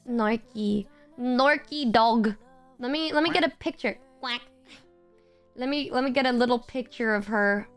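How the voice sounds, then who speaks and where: A young woman in her twenties, streaming and telling a story in a casual, animated way, laughing often and swearing freely. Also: on the high side, unhurried, pauses often, faint music behind. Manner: animated, giggly, swears a lot. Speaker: livestreamer.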